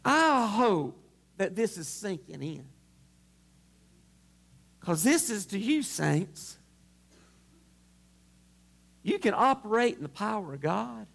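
A male pastor preaching a sermon to his congregation at a church service, impassioned and swelling to shouts. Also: high voice, sing-song, takes it slowly, vocal fry, pauses often.

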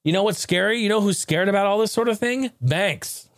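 A man's voice: high-pitched, fast, no room sound, clean studio sound. A man hosting a casual tech talk show, swearing freely, laughing often and rambling animatedly.

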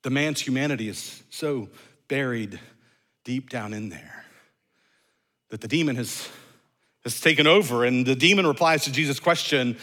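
A man preaching a sermon in an earnest way, rising to loud emphasis and dropping to hushed low phrases, often repeating words as he thinks aloud. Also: moderate pace, long pauses. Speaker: pastor.

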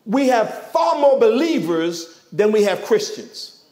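High-voiced emphatic male preacher. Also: very animated, takes it slowly, darkish tone. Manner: emphatic preaching with rhetorical questions and joking asides. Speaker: pastor. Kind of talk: sermon.

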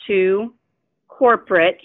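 A woman caller making a halting, accusing complaint over the phone. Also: mid-range voice, no room sound. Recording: tinny phone line.

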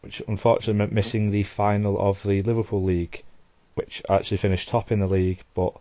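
A man chats as a podcast guest with a dry, self-mocking tone. His voice sits a bit low. The sound is dry and dull. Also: little pitch movement, fast talker, warm tone, no room sound. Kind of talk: casual group chat.

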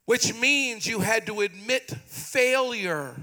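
A male pastor preaching a sermon in a church, swinging between shouted, sung phrases and soft, pleading mock prayers. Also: very high voice, takes it slowly. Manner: acts out prayers in a softer, pleading voice. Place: church sanctuary.

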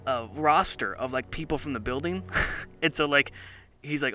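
A man's voice: a little high, normal speed, pushed and bright, faint music behind. A man co-hosting a casual chat show, talking enthusiastically and rambling with many fillers. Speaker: podcast co-host.

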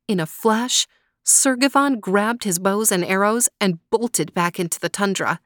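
A woman hosting a children's story podcast, narrating a folk tale in a gentle, measured way. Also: mid-range voice, dry recording, studio quality. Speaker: storyteller host.

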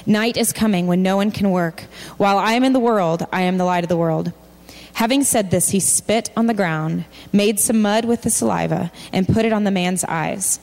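In a large church hall with a long reverb tail, a woman preaches at a moderate pace in a gravelly, slightly mellow voice. She reads scripture aloud, voicing the people in it with a rising pitch.

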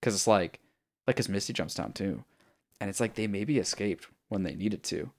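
A man's voice: lowish voice, moderate pace. A man co-hosting a podcast, retelling a video game story in a rambling, profane way with lots of fillers. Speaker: podcast co-host. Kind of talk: casual chat about a video game.

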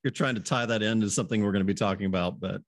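A man's voice: on the low side, racing, dry recording, clean studio sound. A man hosting a casual podcast chat, easygoing, laughing often and restarting his phrases. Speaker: podcast host.

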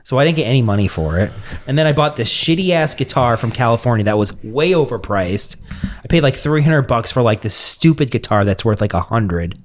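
A man telling a story on a casual podcast, animated and swearing often, acting out what people said. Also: mid-range voice, a little fast. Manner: animated storyteller, swears a lot, acts out quotes. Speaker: podcast co-host.

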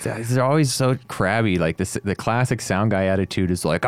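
A relaxed man talks shop as an audio engineer, cursing freely and livening up when he acts out conversations. His voice sits on the low side and sounds smooth and resonant. The recording is dry and close, with no room sound. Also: moderate pace, no room sound. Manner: laid-back, swears often, animated when quoting. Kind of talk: casual chat.

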